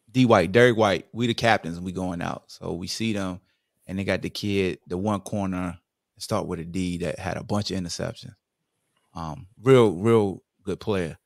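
A man from Virginia, a podcast guest telling football stories in a casual, lively way. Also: sits low, no room sound, studio quality. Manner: lively storyteller who acts out what others said. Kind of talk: casual storytelling interview.

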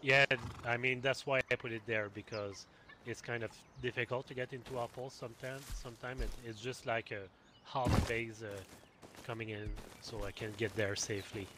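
A man chatting with strangers in a game, speaking in a halting, hesitant way. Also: mid-range voice, little pitch movement. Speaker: other player. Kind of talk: casual in-game chat. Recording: noisy in-game voice chat.

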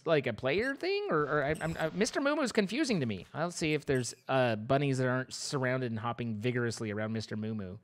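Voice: medium pitch, a bit bright. A young adult streamer giving playful, rambling live commentary over a game, breaking into squeals of mock panic.

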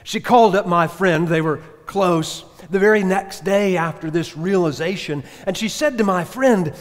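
High-voiced man preaching in an echoey church. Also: normal speed, few pauses. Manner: earnest storytelling with sudden emphatic rises and hushed drops. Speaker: pastor. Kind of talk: sermon. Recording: echoey church hall reverb.

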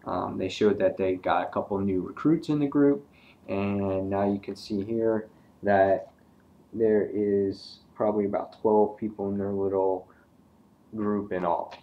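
A man's voice: on the low side, steady tone, a little slow, narrow, tinny audio. A man giving a casual, hesitant comic book review, talking through pages with many ums and uhs.

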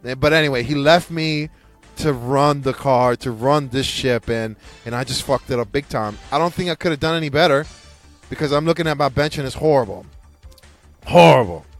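A man's voice: mid-range voice, brisk, soft background music. A man hosting a casual podcast, ranting in a rambling, profane way with frequent restarts. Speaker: podcast host.

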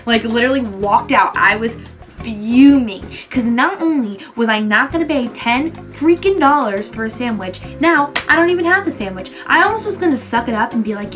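Chatty New woman, music behind. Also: normal speed. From New Jersey. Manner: animated, frequent "like", acts out quotes in a higher voice. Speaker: beauty vlogger. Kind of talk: casual storytelling chat.

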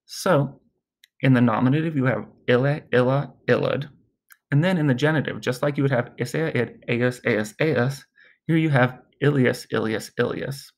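A male Latin teacher giving a recorded lesson, explaining grammar in a relaxed, chatty way and chanting word forms as drills. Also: medium pitch, moderate pace.

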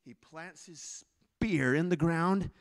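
A man pastor telling a story in a sermon, animated, swinging from hushed to loud, in a church sanctuary. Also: fairly high pitch, takes it slowly. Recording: reverberant church hall.

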